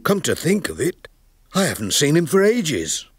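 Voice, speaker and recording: A man's voice: fairly high pitch, huge pitch swings, moderate pace. An actor voicing a kind, easygoing village postman in a children's cartoon. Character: kindly adult male village postman. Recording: loud background music.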